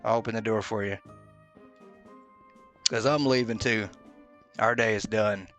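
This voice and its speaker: A man's voice: fairly low pitch, fairly even intonation, measured pace, a bit bright, soft background music. Joking man commentating a game. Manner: joking, mock-blunt, with many "uh"s. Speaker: gaming video host. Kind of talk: casual let's-play commentary.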